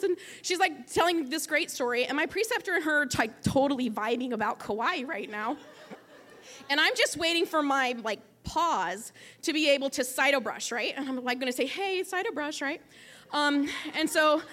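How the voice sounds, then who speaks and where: A woman in her twenties telling a funny personal story in an animated, self-mocking way, acting out voices with sudden loud bursts. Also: high voice. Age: 20s. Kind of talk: personal story, stand-up style.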